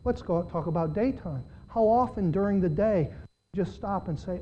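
A man preaching a sermon to his church, swinging between loud, pleading passages and quiet asides. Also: high voice, expressive, normal speed, slight background noise. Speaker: pastor. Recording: dull lo-fi sermon recording.

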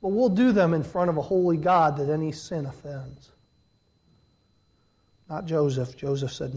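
A middle-aged man preaching a sermon, swinging from loud emphatic peaks to hushed low passages and acting out quoted voices. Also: animated, normal speed.

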